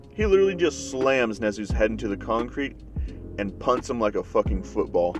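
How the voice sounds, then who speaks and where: A man's voice: lowish voice, expressive, normal speed, over music. A man telling a fan story in a casual way, leaning on fillers like "and basically.". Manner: casual, filler-heavy recounting.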